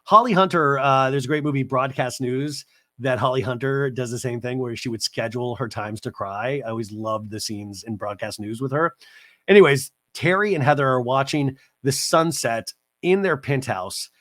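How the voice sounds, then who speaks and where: A man hosting a podcast, recapping a reality show with rapid, sarcastic asides. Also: mid-range voice, sharp tone, no echo, clean studio sound. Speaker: podcast host. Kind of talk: comedic TV recap.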